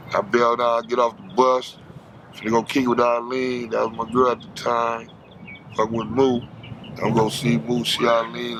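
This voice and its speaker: Background noise accompanies a medium-pitched man from Los Angeles as he tells stories in an interview. He leans hard on street slang and performs the voices of people he quotes.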